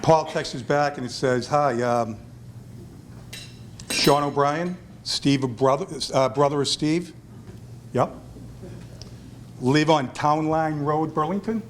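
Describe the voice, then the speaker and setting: A man's voice: fairly high pitch, slow pace, long pauses, slight background noise. A man telling a self-deprecating story in a hall of fame acceptance speech at a restaurant event, acting out the voices of the people in it.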